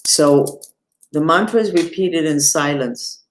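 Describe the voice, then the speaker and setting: A woman who teaches mantras and meditation, giving an unhurried live-streamed lesson and talking straight to her viewers. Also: low-pitched, slight background noise. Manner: unhurried, talks to viewers and reads the chat aloud.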